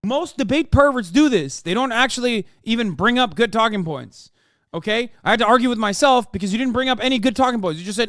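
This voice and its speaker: A male streamer ranting at his chat during a live reaction stream, profane and combative, often yelling. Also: very high voice, lively intonation, fast talker, no echo, studio quality.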